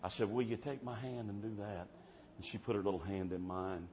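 Fervent preacher shouting in church. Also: male voice, fairly low pitch, brisk. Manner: fervent, swings from soft to shouting. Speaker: traveling preacher. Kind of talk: revival sermon storytelling. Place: church service. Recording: dull muffled sound with faint background hiss.

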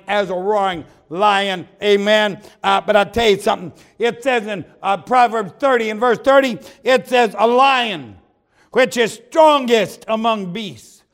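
A man in his seventies from Ohio, preaching a revival sermon in a folksy way, dropping into quiet asides and saying amen often. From Ohio, USA. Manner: folksy, drops to low asides, frequent amens.

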